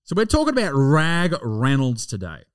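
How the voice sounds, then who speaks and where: A man's voice: mid-range voice, huge pitch swings, moderate pace, clear, resonant tone. An Australian man hosting a podcast, joking and swearing in casual banter. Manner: sweary, jokey, laughing. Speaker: podcast host.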